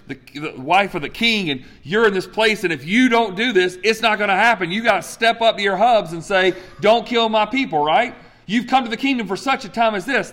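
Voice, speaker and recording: Fortyish male pastor, slightly high voice, lively sermon delivery with acted-out quotes. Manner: animated, acts out quotes with big pitch jumps.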